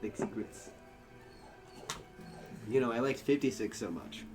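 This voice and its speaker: A man's voice: mid-range voice, lively intonation, a little slow, over music. A man playing a tabletop game, joking and chatting casually with the table. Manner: joking, playful. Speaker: player.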